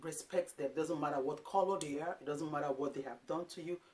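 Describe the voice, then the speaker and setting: Woman in her thirties from Africa, parenting vlogger, casual and animated talk to camera, slips into quick impressions of herself and her kids. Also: low-pitched. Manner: animated, acts out quotes of herself and her sons.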